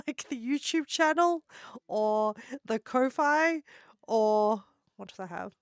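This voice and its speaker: Giggly woman streamer, slow and playful. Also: a little high, expressive, clean tone, no room sound, studio quality. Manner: giggly, playful teasing of chat. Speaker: live streamer. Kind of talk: casual live-stream chat.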